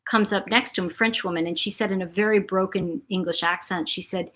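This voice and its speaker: A woman's voice: mid-range voice, steady tone, fairly quick, a bit bright. A middle-aged woman chats to her viewers on a livestream. She rambles, restarts her sentences and greets people by name as she talks. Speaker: livestream host. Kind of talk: casual livestream chat.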